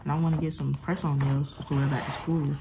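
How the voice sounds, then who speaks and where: Young woman, twenties, deep low voice, chatty and rambling, phone held close, noisy background. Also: flat delivery, brisk. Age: 20s. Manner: chatty, rambling, uses dialect slang. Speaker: vlogger. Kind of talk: casual vlog chat. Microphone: phone camera held close. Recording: phone recording with clear background noise.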